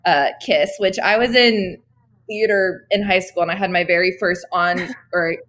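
A woman's voice: on the low side, normal speed, fairly bright tone. A woman hosting an interview, bubbly and giggly, asking long rambling questions. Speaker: interviewer, host. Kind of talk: casual interview chat.

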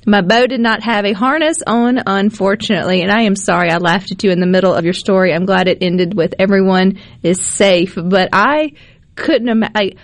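A woman hosting a radio talk show in a studio, chatty and quick to laugh. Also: mid-range voice, no echo. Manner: chatty, giggly, laughs often. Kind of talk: casual radio chat. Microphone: studio microphone.

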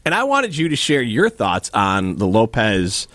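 A man hosts a sports radio show from a studio microphone, jokingly teasing his co-host and reading listener texts aloud in casual banter. His voice is on the low side and fairly bright, with wildly swooping pitch and a slightly slow pace. There's no echo.

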